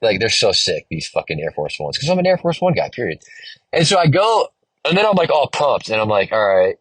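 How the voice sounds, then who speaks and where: Young man, solo podcast host, slangy and profane, lively swooping delivery, slightly husky. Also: fairly low pitch, fairly quick, no room sound, poor audio. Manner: animated, profane, slangy storytelling. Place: in a car.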